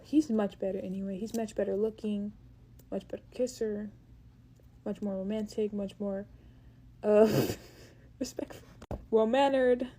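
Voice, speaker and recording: A woman's voice: medium pitch, mellow. A young woman chatting casually and telling a story while doing her makeup, giggly and full of filler words. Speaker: beauty vlogger.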